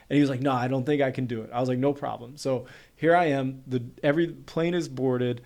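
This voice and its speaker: Fast-talking storyteller man in his thirties. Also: medium pitch. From North Carolina. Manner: quick, animated storytelling full of "like" fillers. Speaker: podcast guest. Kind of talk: storytelling in a casual conversation.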